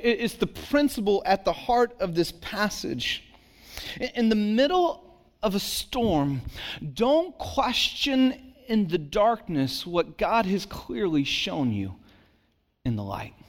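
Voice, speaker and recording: A man delivers a sermon in a conversational style, full of rhetorical questions, repetitions and false starts, and he turns low and soft when driving points home.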